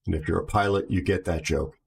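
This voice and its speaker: A man's voice: low voice, fairly even intonation, fast, creaky, breathy edge. A man hosting a livestream, chatting casually, telling jokes and reacting to chat. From aviation background. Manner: chatty, tells jokes, reads chat aloud. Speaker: livestream host.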